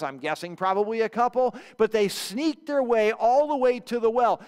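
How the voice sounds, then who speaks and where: Male pastor, storytelling preacher, high voice, reverberant sanctuary. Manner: animated storytelling, acts out quotes. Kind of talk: sermon. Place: church sanctuary.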